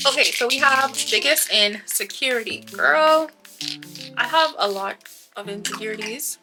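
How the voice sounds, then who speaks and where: A woman's voice: fairly high pitch, moderate pace. A woman vlogger telling stories in a casual get-to-know-me chat, talking to her viewers as "girl". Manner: chatty storyteller, addresses viewers as girl. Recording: background music under voice.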